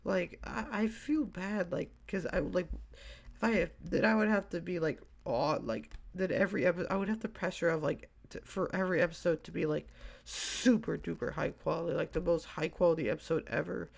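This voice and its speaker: A man's voice: on the high side, fairly quick, vocal fry. A tired young man hosting a solo podcast, rambling and hesitant with lots of fillers and restarts, yawning now and then. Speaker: podcast host.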